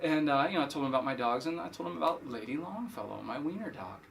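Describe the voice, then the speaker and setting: A man's voice: on the high side, expressive, fast talker, creaky, slight background noise. A middle-aged man, a pastor hosting a short podcast, telling a story casually and often repeating words as he goes.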